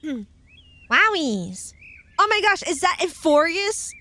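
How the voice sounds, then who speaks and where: High-voiced giggly young woman streamer. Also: very animated, slow, sharp tone. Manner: giggly and playful, laughs often; reads tarot meanings aloud with asides. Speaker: virtual streamer. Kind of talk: casual live-stream chat.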